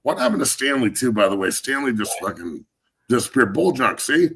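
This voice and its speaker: A former football player now hosting sports talk sounds animated and brisk, his medium-pitched voice a bit bright. He rambles on bluntly, cursing constantly as he goes.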